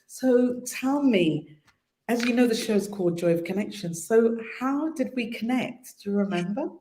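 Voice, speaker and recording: A woman's voice: on the high side, expressive, normal speed, warm tone. Lady host, chatty storyteller, sounds echoey in the room. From London. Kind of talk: casual interview chat. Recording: roomy.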